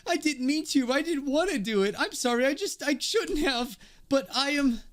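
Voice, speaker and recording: A man voicing a sweet, timid young wolf girl baker who speaks softly, politely and nervously. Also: high voice, very animated, fairly quick, pitched above the performer's own voice. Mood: panicked. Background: game music.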